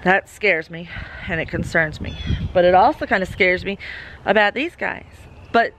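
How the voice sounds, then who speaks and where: A woman's voice: lowish voice, moderate pace, heavy background noise. A woman with a Southern American accent talking casually to camera outdoors on her homestead, musing worriedly and cooing to her goats. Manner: worried and musing, then doting baby talk to goats. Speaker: homesteading vlogger. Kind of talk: casual vlog talk to camera and animals. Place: outdoors on a farm with animals. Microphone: camera mic on a tripod.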